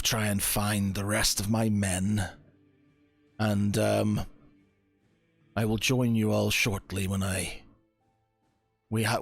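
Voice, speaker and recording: A man voicing a troubled, weary male paladin leader who speaks slowly and solemnly. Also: lowish voice, no echo.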